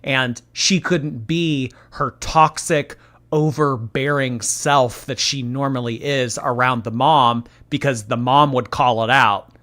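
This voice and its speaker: Bright-voiced blunt male commentator. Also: mid-range voice, fairly even intonation, takes it slowly. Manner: blunt, sarcastic, exasperated. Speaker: commentary host. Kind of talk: casual reaction commentary.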